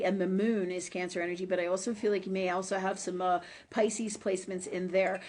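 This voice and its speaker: A woman's voice: mid-range voice, a little mellow. A woman hosting a live-stream show and giving psychic readings, talking in a loose, chatty way with fillers and tag questions and the odd curse word. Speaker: host and psychic reader.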